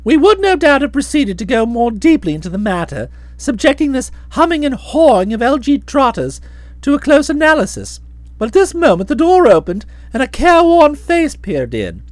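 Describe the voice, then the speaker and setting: A woman narrating a comic story for an audiobook in a playful, expressive manner. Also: sits high, moderate pace, no echo.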